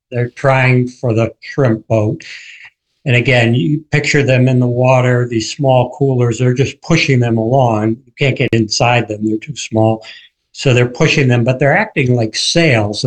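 A man who wrote the book, a guest on a radio interview, telling the story vividly and acting out quoted shouts. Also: medium pitch, poor audio.

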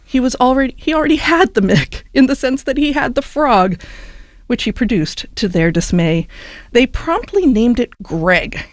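Wry, higher-pitched woman radio host. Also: animated, moderate pace, no echo, clean studio sound. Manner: wry, playful delivery. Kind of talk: scripted radio news item.

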